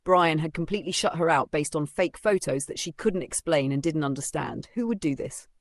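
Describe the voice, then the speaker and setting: A man reading a dramatic story as narrator in steady, scripted storytelling. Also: a little high, brisk, dry recording.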